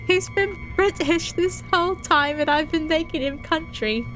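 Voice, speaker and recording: A woman's voice: very high-pitched, moderate pace, few pauses, a bit bright. Chatty woman streamer over game music. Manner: chatty, laughing, rambling with fillers. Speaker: streamer playing a visual novel. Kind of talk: casual chat and reading game text aloud.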